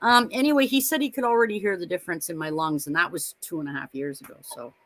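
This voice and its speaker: A woman in her fifties co-hosting a live stream, telling stories in a blunt, animated way and swearing freely. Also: on the low side, quick pace, a little hiss or hum. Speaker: co-host of a live watch party stream. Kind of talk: casual chat.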